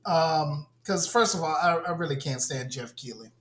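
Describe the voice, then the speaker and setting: A man's voice: a little high, lively intonation, moderate pace, reverberant, crowd noise. A man co-hosting a gaming podcast, ranting bluntly and with a lot of swearing in casual chat. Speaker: podcast co-host.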